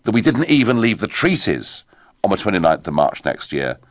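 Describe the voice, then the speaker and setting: A man hosting a radio phone-in, talking to callers in a forceful, emphatic way. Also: on the low side, brisk, no echo, studio quality. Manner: forceful, emphatic, lively delivery. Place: radio studio. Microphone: studio microphone.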